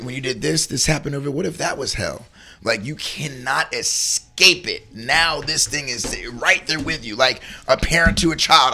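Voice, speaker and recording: A man's voice: mid-range voice, creaky, pushed and bright. A man co-hosting a casual chat, talking earnestly and rambling about faith and feeling good. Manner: earnest, rambling, acts out little voices in stories. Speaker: co-host.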